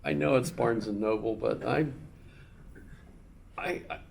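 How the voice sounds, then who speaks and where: A man's voice: medium pitch, unhurried, creaky, a little hiss or hum. A male instructor chatting casually with his class, rambling through an anecdote with many restarts and repeated words, and fond of puns.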